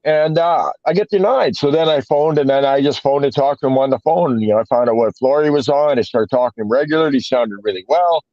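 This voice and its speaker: A man's voice: mid-range voice, fast, few pauses, dark tone, no echo. A man in casual podcast chat, telling a rambling story full of swearing and filler words. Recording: dull, dry lo-fi podcast audio.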